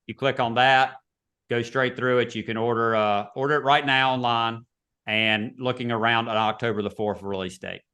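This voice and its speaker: A man's voice: medium pitch, steady tone, moderate pace, bright, forceful tone, clean tone. A man teaching real estate agents in a casual, chatty webinar over a video call. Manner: casual, chatty, repeats himself.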